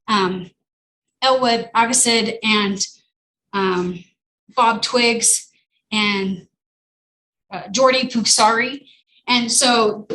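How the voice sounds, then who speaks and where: Woman, guest speaker, lively storyteller, high voice, echoey distant recording, faint ambience. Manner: animated, acts out the people in her stories. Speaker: guest speaker at a radio club meeting. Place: meeting room.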